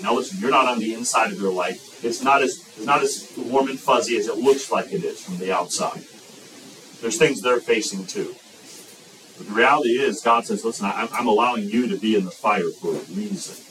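A man preaching a sermon as pastor, lively and emphatic, breaking into excited shouts. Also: mid-range voice, fairly quick, far from the mic, slight background noise, poor audio.

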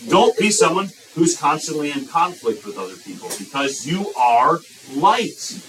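Big pitch swings mark this preacher's fairly high, fairly bright voice as he repeats phrases for emphasis throughout his sermon. Scripture quotes come out much slower, and the distant mic carries a faint hiss.

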